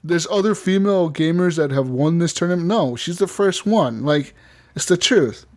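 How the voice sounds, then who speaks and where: A man's voice: a little high, lively intonation, normal speed. A man hosting a gaming podcast, chatting casually, rambling with frequent laughs and swearing. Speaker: podcast host.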